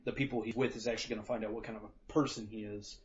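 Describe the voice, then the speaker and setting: A man's voice: on the low side, little pitch movement, rapid-fire, a little hiss or hum. A man co-hosting a podcast in casual chat, swearing freely and acting out quotes as he jokes. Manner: profane, joking, acts out quotes. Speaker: podcast co-host. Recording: dull lo-fi podcast audio.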